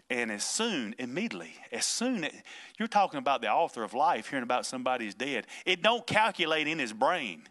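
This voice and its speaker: A male pastor preaching in a loose, conversational style. His voice is bright and forward, and his delivery is folksy and emphatic. He chuckles between points. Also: mid-range voice, big pitch swings, a little fast. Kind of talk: informal preaching on a podcast.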